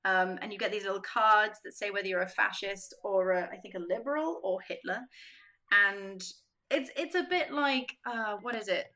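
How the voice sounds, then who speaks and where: Bright-voiced woman telling an animated story. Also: medium pitch, normal speed, dull audio. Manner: animated, acts out quotes, frequent "like". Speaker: podcast guest, games writer. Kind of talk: casual chat, storytelling.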